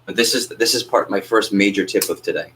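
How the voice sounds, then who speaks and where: A man coaching a sales training class, energetic and quizzing the group with questions. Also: on the low side, fairly quick, slight background noise, low-quality recording. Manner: energetic, asks the group questions and acts out phone calls.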